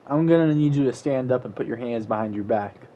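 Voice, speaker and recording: A man's voice: mid-range voice, fairly quick, mellow, lightly acted. A man voicing a stern police officer who lectures in a matter-of-fact, scolding way.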